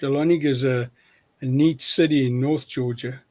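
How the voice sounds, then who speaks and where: A man's voice: mid-range voice, fairly even intonation, moderate pace, a little mellow. A man with a South African accent, a preacher chatting casually as an interview guest, self-deprecating and often restarting his sentences.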